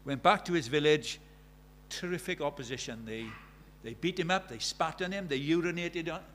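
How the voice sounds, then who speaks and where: A man's voice: on the high side, moderate pace, a bit bright, slight background noise. A man preaching a sermon, telling stories and building to emphatic appeals.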